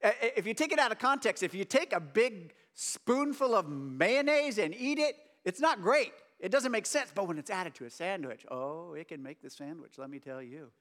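High-voiced, joking preacher. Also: male voice, expressive, normal speed, few pauses, fairly bright tone. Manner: joking, chatty asides to the audience. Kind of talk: casual conversational sermon.

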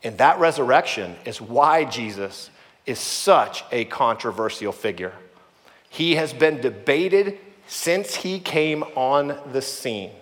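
A man's voice: mid-range voice, animated, takes it slowly. A man preaching a sermon, earnest and emphatic, acting out the voices he quotes. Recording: long hall reverb.

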